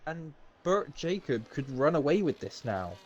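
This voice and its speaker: A man's voice: on the high side, big pitch swings, dull audio. Chatty male race commentator. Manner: chatty, halting with ums, laughs often. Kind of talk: live sim racing commentary.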